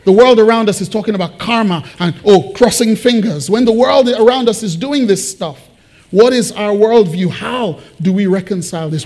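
Delivering a sermon, a male pastor whose voice sits high questions his congregation directly. His delivery swings from loud, emphatic moments to soft personal confidences.

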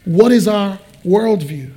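A man preaching a sermon as pastor, asking the congregation questions and moving between loud emphasis and quiet personal confiding. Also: sits high, lively intonation, slow pace, husky.

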